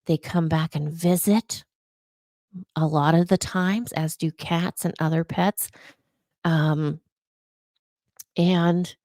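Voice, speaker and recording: A woman psychic talks to her viewers in a casual monologue, earnest and fond of repeating words for emphasis. Her voice sits a bit low and moves at an unhurried pace. The sound is dry and close. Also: fairly even intonation, darkish tone, no room sound. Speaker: psychic and vlogger.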